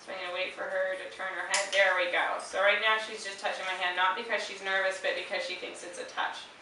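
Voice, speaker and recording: A woman dog trainer calmly explaining a handling exercise and stopping often to praise the dog in a high, chirpy voice. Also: fast talker. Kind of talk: instructional demonstration. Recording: very echoey room, mic far off, faint hiss.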